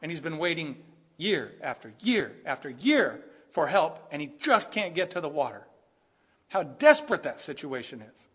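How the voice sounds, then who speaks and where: Male pastor, lively sermon delivery with sudden bursts of emphasis. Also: on the high side, normal speed, husky. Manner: animated, acts out quoted voices, rising to bursts of emphasis.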